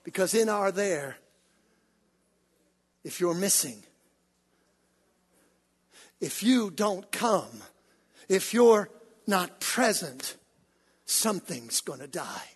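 A man preaching a sermon to his congregation, building up to shouts and calling on the church to answer. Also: high-pitched, expressive, very slow, pauses often, breathy edge. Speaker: pastor. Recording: hall reverb.

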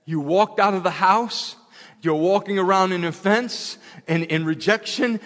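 A man preaching a sermon with passion, repeating his phrases and swinging from loud to hushed. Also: a little high. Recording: long hall reverb.

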